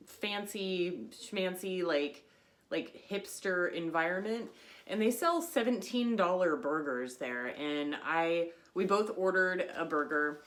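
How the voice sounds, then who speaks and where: A woman's voice: on the low side, fairly bright tone. A woman vlogger casually telling a story to camera, chatty and a little self-conscious, with lots of fillers.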